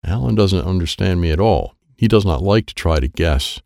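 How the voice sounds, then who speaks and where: A man reads a children's storybook aloud in a deep, gravelly voice. His pitch swings widely as he tells the story. The sound is close and dry. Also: lively intonation, normal speed, a little mellow, no room sound. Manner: simple first-person telling as a boy. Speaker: audiobook narrator.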